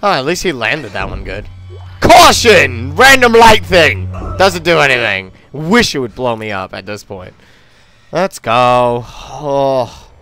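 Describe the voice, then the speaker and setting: A man's voice: medium pitch, expressive, measured pace, a bit bright. A man commentating on his gameplay in a casual, frustrated and sarcastic way, swearing often. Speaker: let's play commentator.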